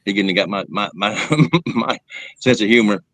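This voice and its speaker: A man's voice: fairly low pitch, moderate pace, a bit bright, no echo, rough recording. A man hosting a casual chat, rambling and laughing often as he tells stories. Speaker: show host.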